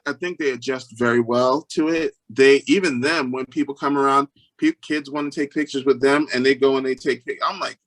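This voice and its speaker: A guest on an interview tells stories earnestly, talking briskly with few pauses. He often restarts what he's saying and leaps into high, lively voices when quoting people.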